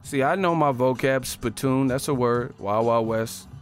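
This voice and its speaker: A man on a profane, animated comedic rant, laughing often as he talks. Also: medium pitch, measured pace, soft background music.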